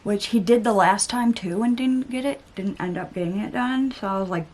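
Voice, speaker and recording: Brief: young woman beauty vlogger, mid-pitched voice, chatty and exasperated, casual get-ready-with-me chat. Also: normal speed, hardly any pauses, a little mellow. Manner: chatty storytelling, exasperated asides, some swearing. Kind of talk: casual chitchat while getting ready.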